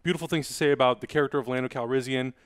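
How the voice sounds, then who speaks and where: A man hosting a casual podcast chat, talking quickly and energetically as he plugs the show. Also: medium pitch, smooth, no echo, clean studio sound. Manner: fast, energetic plugging. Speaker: podcast host.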